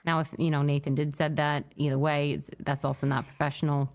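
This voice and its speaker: A woman playing a state trooper in a roleplay, telling what happened in an upset but measured way, with many fillers and restarts. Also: low-pitched, level tone. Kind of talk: in-character roleplay briefing.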